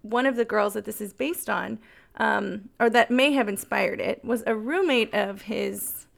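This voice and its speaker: A woman's voice: mid-range voice, a little slow, vocal fry. A woman co-hosting a podcast, chatting casually about songs with lots of filler words. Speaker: podcast co-host.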